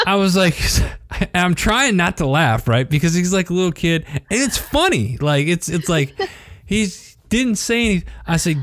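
Animated laughing man telling a story. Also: normal speed, no room sound, clean studio sound. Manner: animated, laughing, acts out quotes in a higher voice. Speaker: podcast co-host. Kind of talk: casual storytelling chat.

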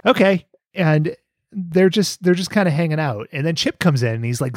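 A man hosting a casual podcast, telling a cartoon plot with lively storytelling and frequent laughter. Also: on the high side, moderate pace, no room sound, faint music behind. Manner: animated storytelling, laughs often. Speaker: podcast host. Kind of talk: casual cartoon recap chat.

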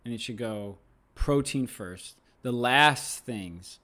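A man's voice: medium pitch, slow, bright, forceful tone. A man co-hosting a podcast in casual banter, playful and mock-pondering, laughing often. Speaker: podcast co-host.

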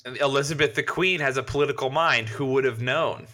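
A man's voice: medium pitch, fairly quick, pushed and bright. A man co-hosting a podcast in casual chat, joking around, swearing and laughing often. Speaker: podcast co-host.

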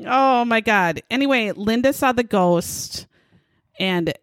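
A woman's voice: on the high side, slow, no room sound, studio quality. A woman telling a story in casual chat, sarcastic and profane, mocking the people in it.

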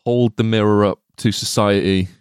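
A fairly low-voiced man banters about a film on a podcast, loose and jokey, quick to laugh. He sits close to the mic, and the sound is dry and direct. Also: fairly even intonation, clear, resonant tone, dry recording. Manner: playful, jokey, laughs often. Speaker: podcast co-host. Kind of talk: casual film discussion.

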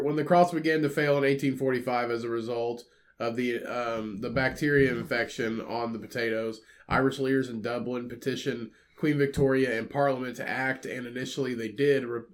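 A man co-hosting a podcast in casual chat, arguing in disbelief and reading bits of web articles aloud. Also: mid-range voice. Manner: animated, incredulous, reads aloud from web articles. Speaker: podcast co-host.

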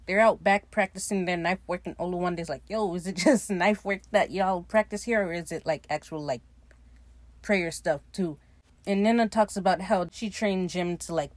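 A woman's voice: fairly low pitch, no echo. A woman casually recapping a TV episode, retelling scenes animatedly with laughter and swearing. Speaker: recap podcaster.

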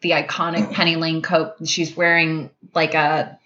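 A woman's voice: low-pitched, flat delivery, normal speed, bright, forceful tone, muffled recording. A woman co-hosting a podcast, gushing with enthusiasm and laughing often in casual chat. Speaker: podcast co-host.

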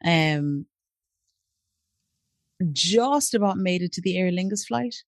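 Lively woman storyteller, dry close sound. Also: on the low side, slow, no echo. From Africa. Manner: animated, acts out voices of people in her stories. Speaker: interview guest. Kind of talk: storytelling in conversation.

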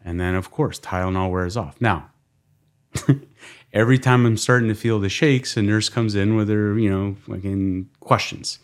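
A man's voice: on the low side, moderate pace. A man guesting on a podcast, telling a personal story bluntly, swearing often and acting out what people said. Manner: blunt, swears often, replays his own words and others' in quotes.

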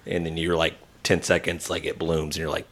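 A man in his thirties with a slightly low voice spins a neighborhood story in relaxed podcast chat. He acts out the people he quotes with lively shifts. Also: fairly quick. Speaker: podcast co-host.

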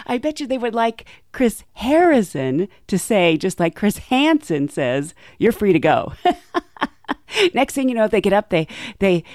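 A young woman flight attendant telling stories in a chatty way, laughing often and acting out quotes in a higher voice. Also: a little mellow, no room sound, studio quality. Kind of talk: casual storytelling monologue.

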